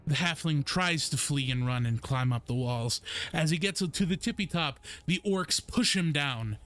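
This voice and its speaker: A young man narrating a tabletop game as game master, unhurried and descriptive with frequent ums. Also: a little high, expressive, fairly bright tone. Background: faint background music.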